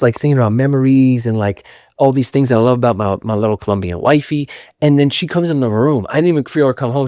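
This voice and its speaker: Fast-talking man telling a candid story. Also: medium pitch, no room sound, clean studio sound. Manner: rambling, candid, full of fillers and self-quotes. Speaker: podcast host telling a story. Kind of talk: casual storytelling.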